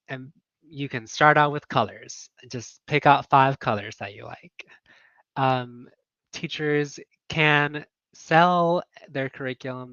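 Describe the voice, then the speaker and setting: A man's voice: medium pitch, bright, forceful tone, no echo, dull audio. A man coaching online teachers in a casual livestream chat, talking earnestly with many fillers and laughs.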